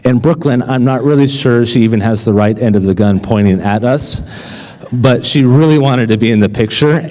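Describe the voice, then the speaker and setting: A man's voice: medium pitch, a little mellow. Man preaching in a reverberant church. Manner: conversational storytelling with frequent checks like "right?" and "okay?". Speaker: pastor. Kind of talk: sermon. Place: church sanctuary. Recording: long reverb of a church hall.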